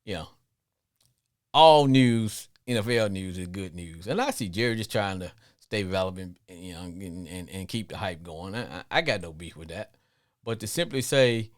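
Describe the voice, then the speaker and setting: A middle-aged man hosting a live sports call-in show, rambling and repeating himself as he talks, with frequent chuckles. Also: normal speed. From Arkansas, with Louisiana family. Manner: rambling, repeats words, laughs often, lively swings in pitch. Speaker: podcast host.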